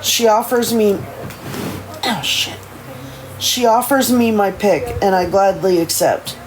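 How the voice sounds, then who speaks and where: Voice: mid-range voice, fairly even intonation, slow, slight background noise, low-quality recording. A streamer reading a first-person novel aloud on a livestream, often stumbling and correcting themselves.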